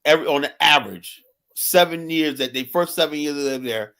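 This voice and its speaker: A man's voice: on the high side, fairly quick, sharp tone. A man arguing in a heated panel debate, talking over others and repeating "hold on" to keep the floor. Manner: argumentative, keeps saying hold on. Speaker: panelist, insurance agent.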